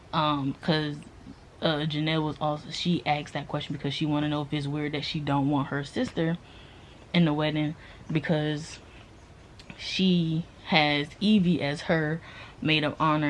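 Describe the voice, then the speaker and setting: A woman's voice: deep voice, a little hiss or hum. A woman chatting casually through a book review, rambling with lots of fillers.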